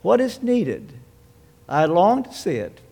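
A man preaching a sermon, measured and emphatic, posing rhetorical questions and answering them himself. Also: high voice, huge pitch swings, gravelly, warm tone. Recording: long hall reverb.

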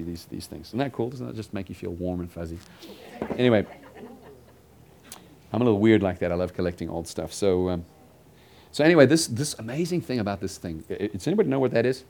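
A man's voice: deep voice, darkish tone. A man preaching a conversational sermon to a congregation in a church building, repeating his phrases and dropping joking asides to the listeners. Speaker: pastor.

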